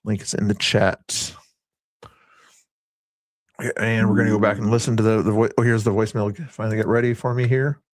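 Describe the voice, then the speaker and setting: A man's voice: on the low side, little pitch movement, fairly quick, long pauses, no echo. Rambling man hosting a late-night stream. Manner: rambling, chatty, reads chat aloud. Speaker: livestream host. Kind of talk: casual livestream chat.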